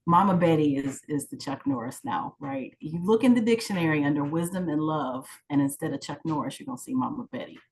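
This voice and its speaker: A woman's voice: low-pitched, a little fast, hardly any pauses, a little mellow, rough recording. A woman at an online open mic offering playful, joking compliments.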